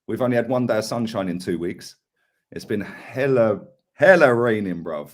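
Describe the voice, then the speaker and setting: A man's voice: lowish voice, animated, moderate pace. A man from England co-hosting a football stream, a chatty storyteller who tags his sentences with "yeah" and "mate". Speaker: co-host of a football live stream. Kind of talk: casual chat.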